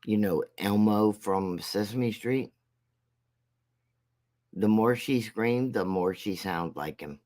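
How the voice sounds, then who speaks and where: A man giving a casual commentary rant as a vlogger, rambling and mocking, with halting restarts. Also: fairly low pitch, darkish tone.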